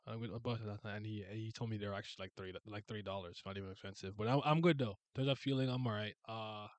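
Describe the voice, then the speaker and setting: A man's voice: lowish voice, fast talker, no room sound. A man hosting a casual reaction to a new manga chapter, talking straight to his viewers in loose slang and reading bits aloud, with a handheld mic held close. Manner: casual, excitable, talks to the audience with slang. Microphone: handheld mic on a swing arm, held close.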